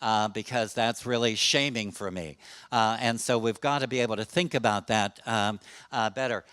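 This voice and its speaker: Middle-aged guy giving a talk, lots of ums, jokey, bright clear voice. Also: fairly low pitch, normal speed, no echo. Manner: chatty and self-deprecating, with many fillers. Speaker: presenter on suicide prevention. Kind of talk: conference talk to a live audience.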